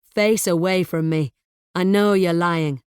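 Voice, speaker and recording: A woman's voice: lowish voice, steady tone, a little slow, darkish tone, clear, resonant tone, no echo, clean studio sound, natural voice. A woman voicing a desperate, violent middle-aged man who snarls threats in a crime audiobook. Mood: menacing. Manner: snarling, bullying.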